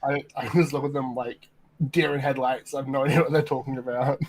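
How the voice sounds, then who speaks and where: Man, from Australia, stream guest, medium pitch, easygoing, laughs often. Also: little pitch movement, a little fast. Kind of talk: casual chat on a stream.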